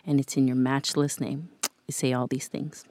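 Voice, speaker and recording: A woman's voice: extremely low pitch, little pitch movement, normal speed, dark tone, no room sound. A woman co-hosting a podcast, speaking in an earnest, supportive way, leading a prayer and chatting casually. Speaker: podcast co-host. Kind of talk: casual chat and spoken prayer.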